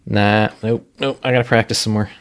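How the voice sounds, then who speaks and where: A man narrating a tabletop game as game master, relaxed and rambling, with many fillers. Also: lowish voice, fairly quick.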